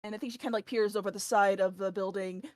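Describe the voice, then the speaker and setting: A woman's voice: medium pitch, fairly even intonation, quick pace, dry recording, clean studio sound. A woman narrating as game master in a tabletop game, rambling with lots of fillers.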